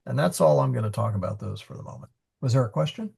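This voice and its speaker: A man teaching a Latin class, explaining grammar patiently with fillers and pauses. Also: medium pitch, expressive, vocal fry, a little mellow, husky.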